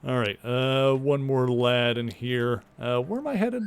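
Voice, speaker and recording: A man's voice: mid-range voice, unhurried, smooth. A man streaming a video game, chatting casually in a rambling way, full of fillers and the odd swear word. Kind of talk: casual gameplay commentary.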